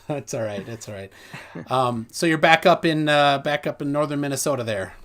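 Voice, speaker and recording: A man's voice: on the high side, normal speed, a bit bright. A man hosting a livestream, chatting casually and reading viewer comments aloud in a loose, rambling way. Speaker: host.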